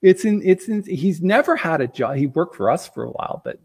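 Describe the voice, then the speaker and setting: A middle-aged man telling stories as a guest on a talk show, acting out the quotes with lively energy. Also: on the high side, brisk, breathy edge. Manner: animated storyteller, acts out quotes.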